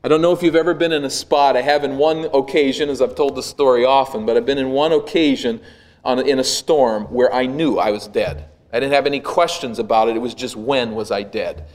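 A male pastor preaching a sermon, retelling a scene with vivid, dramatic storytelling that swells and drops to a hush. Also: medium pitch, brisk.

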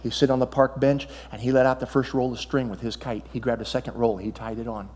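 A male pastor preaching a sermon, telling Bible stories in an animated way and swinging between loud, excited passages and hushed ones. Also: mid-range voice, fast, in a large hall.

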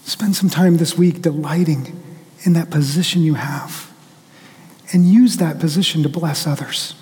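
High-voiced preacher in a reverberant hall. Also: male voice, unhurried, a little mellow. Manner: storytelling preacher who acts out quotes. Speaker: pastor. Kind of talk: sermon.

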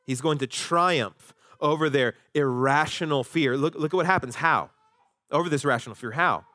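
A man preaching a sermon as pastor, animated, jumping up in pitch when he acts out quoted voices. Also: normal speed, no room sound.

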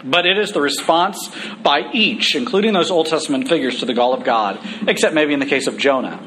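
A man preaching a conversational sermon, humorous at times and slowing down for emphasis. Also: fairly high pitch, fairly bright tone, a little hiss or hum.

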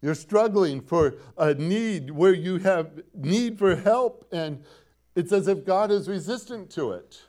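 Pastor guy preaching, kinda high voice, slow and dramatic, lots of rhetorical questions. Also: expressive, darkish tone. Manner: dramatic, quotes scripture with rising emphasis and repetition; asks the congregation rhetorical questions. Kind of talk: sermon.

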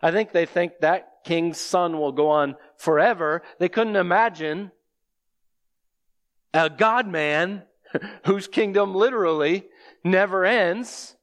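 A man's voice: sits high, slow, a bit bright. A man preaching an expository sermon, explaining scripture and asking the listeners rhetorical questions.

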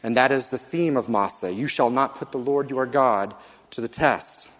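A man preaching a sermon, reading scripture aloud and slowing down earnestly to stress key lines. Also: medium pitch, fairly bright tone, big-room sound. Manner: earnest, measured, slows for emphasis.

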